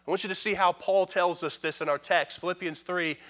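A male pastor preaching with a high, ringing voice. His delivery is emphatic, darting between hurried asides to the congregation and drawn-out, forceful declarations. He calls out for responses from the pews. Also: steady tone. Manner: emphatic preaching that swings from quick asides to loud pronouncements. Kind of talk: sermon.

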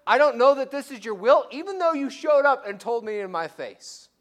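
A man's voice: high voice, animated, normal speed, sharp tone, voice pushed up. A man voicing a frightened, doubting biblical man who pleads with God for proof. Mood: panicked pleading. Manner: anxious, pleading.

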